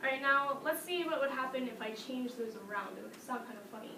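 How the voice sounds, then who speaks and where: A fairly high-voiced woman teaches a music lesson to a class, lively and playful, breaking into sing-song demonstrations. She is picked up from a distance in an echoey classroom. A steady hiss of noise runs under her voice. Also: quick pace. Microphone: distant camera mic. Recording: echoey classroom from far off, noisy.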